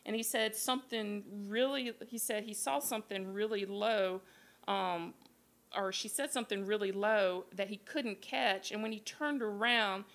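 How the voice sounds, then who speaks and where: A woman hosting a live podcast, retelling a scary campfire tale in a casual, profane, animated way with quoted voices. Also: medium pitch, a little slow. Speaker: podcast host. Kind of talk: casual storytelling. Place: live show at a beer garden.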